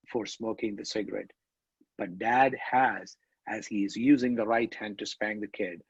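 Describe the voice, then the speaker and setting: A man's voice: fairly low pitch, slightly rough, no room sound, dull audio. A man speaking to parents in a church talk, emphatic, repeating and stressing his key words.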